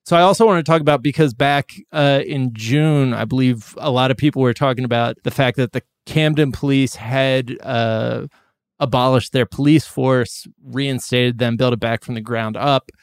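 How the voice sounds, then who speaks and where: Podcast guy with a gravelly but smooth voice, rambly and swears, dry mic. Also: mid-range voice, fairly even intonation, normal speed, no room sound. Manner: rambling, offhand, profane. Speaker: podcast co-host. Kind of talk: casual chat.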